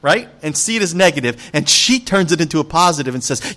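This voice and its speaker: A male pastor preaching a sermon, an animated storyteller who speaks emphatically and addresses the congregation directly. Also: fairly high pitch, fairly quick, hardly any pauses.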